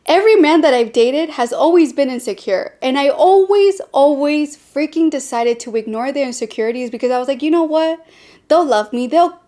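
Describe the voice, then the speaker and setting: A woman's voice: sits high, darkish tone. A young adult woman hosting a podcast, talking candidly and bluntly about dating, with sassy, sarcastic asides. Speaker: podcast host. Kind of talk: candid personal talk.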